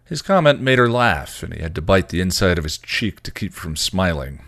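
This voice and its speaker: A man, a podcast host, reading a story aloud in a lively narrating voice. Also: low-pitched, moderate pace, vocal fry, no echo, clean studio sound. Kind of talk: reading fan fiction aloud.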